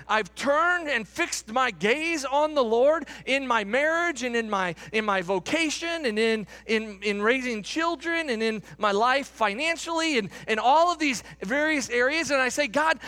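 A man's voice: very high voice, sharp tone. A man in his thirties preaching a sermon in church, earnest, repeating words as he builds emphasis and acting out complaints in a raised voice. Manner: acts out quoted complaints in a raised voice. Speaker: pastor.

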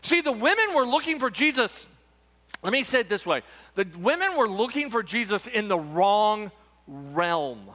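A man's voice: high-pitched, very animated, moderate pace, sharp tone. A male pastor giving an Easter sermon with emphatic preaching, repeating words and tossing rhetorical asides to the congregation. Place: church sanctuary. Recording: reverberant church sanctuary.

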